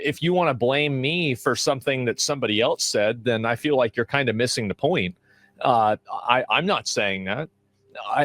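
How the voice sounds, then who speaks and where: A man's voice: medium pitch, a bit bright, no room sound. A man speaking in a played clip, hesitant and often repeating his words.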